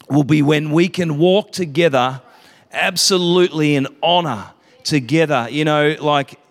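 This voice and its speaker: Chatty preacher in a reverberant hall. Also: male voice, fairly high pitch, a bit bright. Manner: chatty, self-interrupting, laughs often. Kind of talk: casual sermon.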